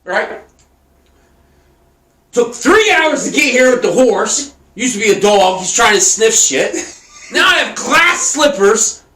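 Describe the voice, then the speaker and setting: Profane rambling man with a high voice. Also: sing-song, takes it slowly, pauses often, pushed and bright. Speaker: podcast host. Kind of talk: drunken casual chat. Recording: echoey room with faint noise.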